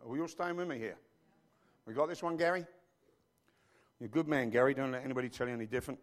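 A man preaching a sermon as pastor, animated and joking, with frequent asides to his congregation. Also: mid-range voice, fast, pauses often.

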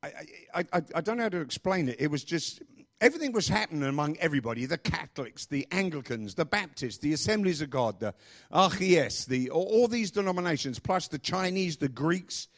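A male pastor delivering a sermon in an animated, swooping voice that sits a bit high. He speaks emphatically, hammers phrases over and over, and drifts into rambling asides. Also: a little fast.

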